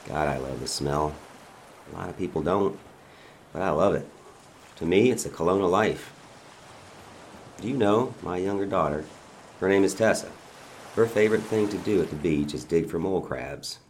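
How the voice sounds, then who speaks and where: A man reading a dramatic monologue as a father who calmly taunts a bound governor, his manner quiet, mocking and menacing. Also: low-pitched, normal speed, pauses often, a little hiss or hum.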